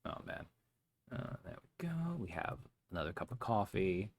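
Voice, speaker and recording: A man rambles casually over a game, tossing out self-deprecating asides. His voice sits low with a gravelly, fried edge. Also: sing-song, normal speed, dry recording. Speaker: let's play host. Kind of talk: casual gameplay commentary.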